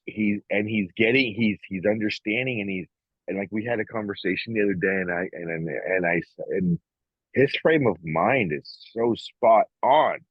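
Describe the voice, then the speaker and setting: A man's voice: lowish voice, moderate pace, husky, dry recording, dull audio. A middle-aged man co-hosting a podcast, rambling with many restarts as he talks proudly about his son. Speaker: podcast co-host. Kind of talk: casual motivational chat.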